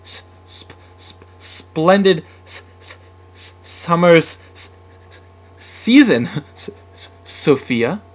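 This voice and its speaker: A man's voice: fairly high pitch, big pitch swings, slow, pitched above the performer's own voice, exaggerated voice. Man voicing a bashful young suitor, heavy stutter, nervous, storybook reading. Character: shy, lovestruck young man who stutters.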